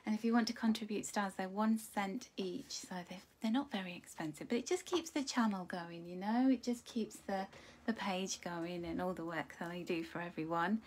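A woman's voice: medium pitch, fairly even intonation, normal speed, darkish tone, a little hiss or hum. Chatty, affectionate woman on a live stream. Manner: affectionate, greets viewers by name with endearments; chatty, with light laughs. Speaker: angel card reader and host. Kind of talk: live-stream chat with viewers.

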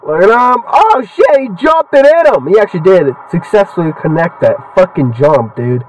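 A young man talks through a video game, loose and excitable, trading cheers for heckles. His voice sits high and leaps all over the place. He sounds a little away from the microphone. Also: normal speed, distant mic, a little hiss or hum, rough recording. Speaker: gaming channel host. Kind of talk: casual gameplay commentary.

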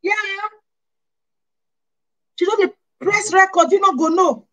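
A woman with a Nigerian Pidgin accent, talking straight to her viewers in an animated, scolding way and firing off rhetorical questions. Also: very high voice, slow pace, poor audio. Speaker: vlogger. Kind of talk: casual monologue to camera.

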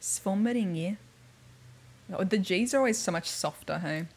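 A woman's voice: fairly low pitch, lively intonation, fairly quick, gravelly, breathy edge. A woman streaming a video game, chatting casually and playfully with lots of giggles. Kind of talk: casual livestream chat while playing a video game.

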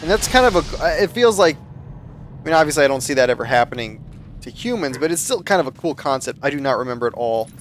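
A man's voice: medium pitch, sing-song, fast, a little hiss or hum. A man giving casual gameplay commentary in a rambling, easygoing, self-mocking way. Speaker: let's play commentator.

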